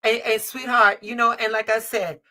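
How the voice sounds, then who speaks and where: Emphatic, bright-voiced woman host doling out advice. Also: on the high side, level tone, normal speed. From Chicago. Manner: emphatic, repeats lines, calls listeners baby and honey, salty language. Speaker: tarot reader and show host. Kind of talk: live-stream advice reading. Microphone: streaming call setup.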